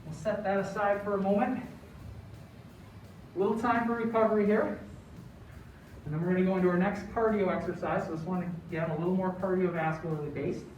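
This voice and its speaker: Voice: mid-range voice, steady tone, fairly quick, pauses often, darkish tone, a little hiss or hum. A fitness instructor coaching a home workout in an encouraging way, counting down between exercises. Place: large echoey room, broadcast workout. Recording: echoey room, distant dull mic.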